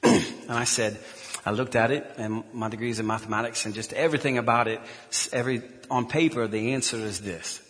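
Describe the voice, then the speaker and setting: Earnest low-voiced male preacher. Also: fairly quick, a bit bright, in a large hall. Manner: earnest storytelling with frequent restarts. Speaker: pastor. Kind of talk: sermon. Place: church.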